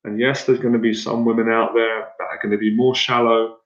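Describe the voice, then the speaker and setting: A man's voice: medium pitch, level tone, a little fast. A man coaching an audience in a blunt, rambling way, often repeating himself and restarting his sentences. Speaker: dating coach. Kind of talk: motivational talk to an audience. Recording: echoey room, dull lo-fi sound.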